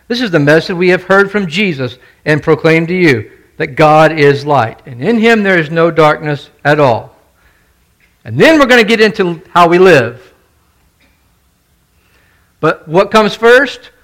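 Emphatic preacher man, high and lively. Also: unhurried, pauses often. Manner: emphatic, repeats key points, asks the congregation questions. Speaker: pastor. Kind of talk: sermon.

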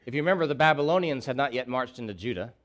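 A male pastor preaching with rising intensity, repeating phrases to hammer home each point. His voice sits at an ordinary middle pitch for a man. He swings between urgent, pleading outbursts and quieter, reflective stretches. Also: lively intonation, very fast. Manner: impassioned preaching with emphatic repetition, voicing a prophet's pleas. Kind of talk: sermon.

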